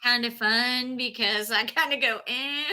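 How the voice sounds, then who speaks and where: A woman from Texas, a trial lawyer, chatting casually as an interview guest, bubbly and quick to laugh while telling stories. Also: high-pitched, over a noisy crowd. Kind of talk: casual chat.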